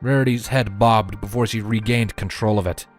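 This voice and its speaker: A man narrating a fan fiction audiobook in a steady storytelling manner. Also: lowish voice, moderate pace, soft background music.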